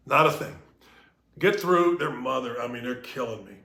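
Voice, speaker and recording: Echoey, bright-voiced sports talk host. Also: male voice, medium pitch, moderate pace, vocal fry. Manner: profane storyteller, acts out quotes. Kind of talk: casual sports chat.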